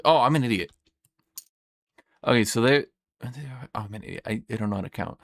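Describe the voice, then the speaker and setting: A man's voice: lowish voice, a little fast, dry recording. A man playing a tabletop wargame, thinking aloud, counting dice and swearing at his own mistakes. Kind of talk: casual play commentary.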